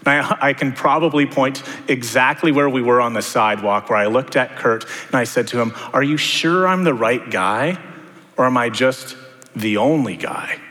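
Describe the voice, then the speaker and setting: A man's voice: mid-range voice, moderate pace, bright, forceful tone. A man preaching a sermon, talking to the congregation in a conversational way with many rhetorical questions. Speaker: pastor. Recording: long hall reverb.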